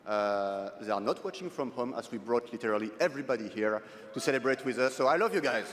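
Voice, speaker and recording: A man's voice: mid-range voice, expressive, fast talker, background noise. A man on a big stage giving a grateful acceptance speech for a game studio, mixing thanks with light jokes. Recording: broadcast sound from a large hall.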